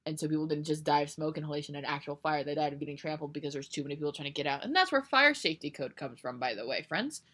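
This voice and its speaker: Brief: twenties woman, low-pitched and crisp, self-mocking podcast co-host. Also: animated, rapid-fire, hardly any pauses, fairly bright tone. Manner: laughing, sweary, self-mocking. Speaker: podcast co-host reading old fanfic aloud. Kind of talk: casual chat.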